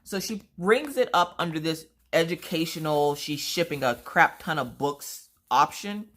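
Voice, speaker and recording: Deep-voiced, lively woman telling a story. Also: unhurried. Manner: animated, chatty, acts out other people's voices. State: sore throat. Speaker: vlogger. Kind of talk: casual storytelling chat.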